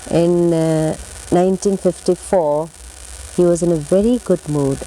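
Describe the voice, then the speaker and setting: A woman from India, interviewed for an oral history, telling her memories in a gentle, measured way that repeats phrases. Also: lowish voice, steady tone, slight background noise, rough recording.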